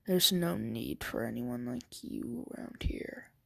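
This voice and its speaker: A woman voicing a teenage boy with a split godlike personality, flipping between sweet high tones and cold threats. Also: very animated, unhurried. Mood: menacing whisper. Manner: swings between a high sweet tone and a low menacing whisper.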